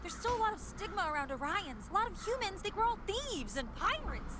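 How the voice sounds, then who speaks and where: A woman's voice: very high voice, very animated, brisk, background noise. An eager young alien crewwoman. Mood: earnest. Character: eager young alien woman crew officer. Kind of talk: cartoon voice acting.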